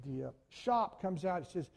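High-voiced animated male preacher. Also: normal speed, gravelly. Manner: animated storytelling, addresses congregation as folks. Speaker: pastor. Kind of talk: sermon. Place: church.

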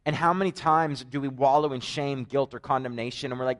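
A man's voice: medium pitch, a little fast. A man with a Canadian accent preaches a conversational sermon, telling stories with joking asides. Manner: animated storytelling, joking asides.

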